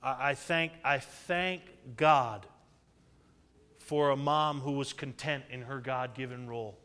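A man's voice: mid-range voice, steady tone, slow, sharp tone, clean tone. Preaching man in an echoey church. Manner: call-and-response preaching with frequent amens. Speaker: pastor. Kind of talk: sermon. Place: church sanctuary. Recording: echoey hall reverb.

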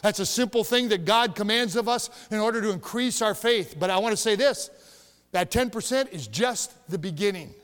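A man's voice: high voice, moderate pace, clean tone. A man preaching a sermon in a church, telling stories and growing emphatic. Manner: storytelling, emphatic, rising to shouts. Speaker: pastor. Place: church sanctuary. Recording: long reverb of a church hall.

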